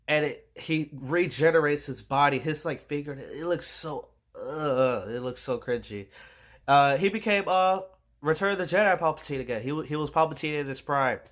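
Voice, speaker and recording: A man's voice: fairly high pitch, fairly bright tone. A young man ranting casually about a movie he saw, rambling with many fillers and slang and sounding exasperated. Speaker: movie reviewer.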